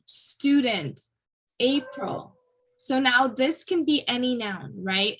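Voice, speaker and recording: Slow, deliberate woman teaching pronunciation. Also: fairly high pitch, pushed and bright, low-quality recording. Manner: checks in often with "right?" and models words slowly for the class to repeat. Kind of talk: classroom pronunciation lecture. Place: classroom with students.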